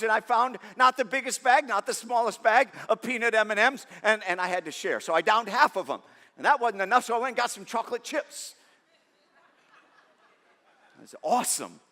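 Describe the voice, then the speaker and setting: High-voiced, animated middle-aged pastor. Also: male voice. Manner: conversational, animated, self-deprecating storytelling. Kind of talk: sermon. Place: large church auditorium. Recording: long reverb of a church hall.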